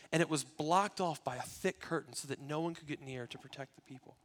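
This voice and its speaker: A man with a somewhat higher voice preaches a sermon. He is earnest throughout and swings from loud, emphatic lines to hushed, quiet ones. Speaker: pastor.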